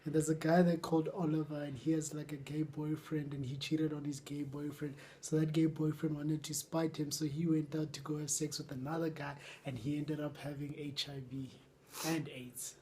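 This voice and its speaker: A young man chats as a guest on a vlog, telling a story in an offhand and plainly confused way. His voice sits a little high, and a faint background hum runs beneath it. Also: level tone, moderate pace, mellow. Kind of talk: casual chat.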